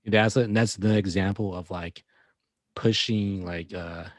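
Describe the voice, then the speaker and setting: Laid-back low-voiced man, dry. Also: fairly even intonation, unhurried, no room sound. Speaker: podcast co-host. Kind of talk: casual chat.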